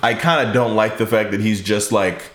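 A man hosting a casual podcast chat, animated and laughing often, restarting his sentences as he goes. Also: on the low side, moderate pace, echoey room. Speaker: podcast host.

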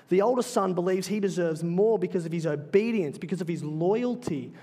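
A man with a noticeably high voice delivers a sermon from the pulpit. He is earnest and emphatic, drawing out key phrases slowly for weight. His words ring out with a long, lingering reverb, as in a large church sanctuary. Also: warm tone. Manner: earnest, emphatic preaching with slow deliberate phrases. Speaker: pastor.

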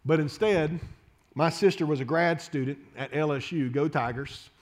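An impassioned preacher in his late thirties, voice pitched a touch high. He pleads and repeats himself, stumbling over restarts as his sermon builds. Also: moderate pace. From Louisiana, USA. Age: 30s. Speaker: pastor.

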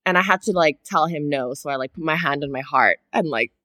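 Podcast co-host, female, lower register, dry close sound; animated storyteller who swears casually. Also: a little fast, no echo. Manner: animated, swears freely, acts out her own reactions.

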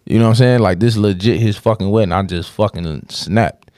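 A man's voice: on the low side, fairly quick, a little mellow, no room sound, clean studio sound. A man candidly telling a rambling personal story in casual podcast talk, with plenty of cursing.

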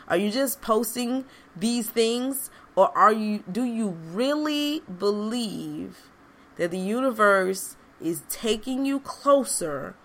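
A woman hosting a podcast, speaking in an earnest, conversational way straight to her listeners. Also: mid-range voice. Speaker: podcast host. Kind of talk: reflective motivational monologue.

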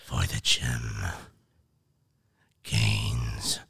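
A man voicing a deep, gravelly villain in the manner of a movie trailer, doing impressions on a casual podcast. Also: little pitch movement, very slow, sharp tone, full character voice. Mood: dramatic.

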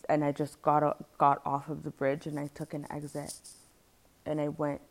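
A woman telling a personal story in a candid, earnest, halting way, sometimes dropping to a near-whisper. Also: low voice, vocal fry, darkish tone. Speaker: storyteller sharing a personal experience.

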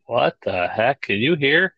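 A man's voice: medium pitch, big pitch swings, unhurried, creaky, breathy edge, no echo, lo-fi sound. A man co-hosting remotely in a casual chat, giving short laid-back replies. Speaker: podcast co-host on a call.

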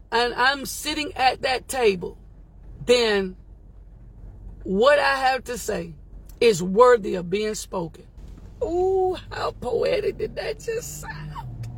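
A woman hosts a daily motivational podcast in a gravelly voice with a touch of fry. She preaches with emphatic exclamations and talks straight to her listeners. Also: on the high side, slow, low-quality recording.

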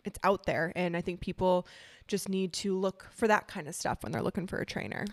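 A woman's voice: lowish voice, a little fast. A young woman, a dog trainer co-hosting a podcast, talking frankly and chattily with many fillers. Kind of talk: casual podcast chat.

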